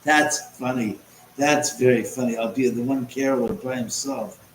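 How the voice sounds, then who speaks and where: A man's voice: medium pitch, moderate pace, reverberant, slight background noise, rough recording. A man hosting a casual livestream chat from home, rambling and sarcastic and swearing often. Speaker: livestream host.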